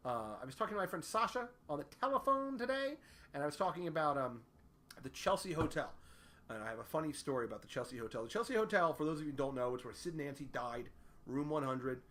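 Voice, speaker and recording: A man's voice: fairly high pitch, lively intonation, quick pace, a bit bright. A man telling a rambling, profane, self-deprecating comic story in a casual way.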